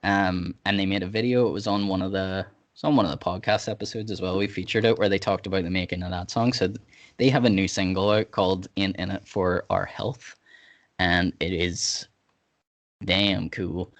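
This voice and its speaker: A man's voice: sits low, steady tone, moderate pace. Laughing, swearing man hosting a podcast. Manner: laughing often, loose and swearing. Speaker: podcast host. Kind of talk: casual chat.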